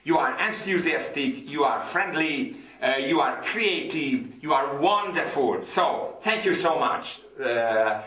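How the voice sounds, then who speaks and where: A man's voice: on the high side, expressive, slow, few pauses, pushed and bright, reverberant. A man with a Hungarian accent, a native Hungarian speaker, giving an online English lesson with enthusiasm, repeating words and using many fillers. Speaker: English teacher.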